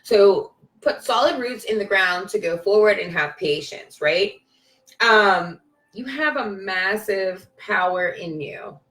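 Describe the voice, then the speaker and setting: A woman's voice: medium pitch, animated, slow pace, a bit bright, faint music behind. A woman giving a casual spiritual pep talk on a live video, emphatic and repetitive, with bursts of cheering and swearing. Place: at home, on a live stream. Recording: roomy echo from a distance.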